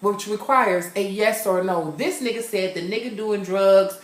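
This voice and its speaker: A young man from California talks in a sassy, animated way, slipping into the characters as he recaps. His delivery is casual, like a chat with friends. The room around him rings with a noticeable echo. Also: high voice, normal speed. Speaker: TV show reviewer. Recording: roomy echo.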